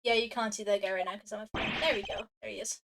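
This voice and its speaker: A woman's voice: mid-range voice, fairly even intonation, fast, a bit bright, poor audio. A woman streaming a game playthrough, chatting in a self-deprecating, joking way. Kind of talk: game playthrough, reading dialogue aloud. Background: game music.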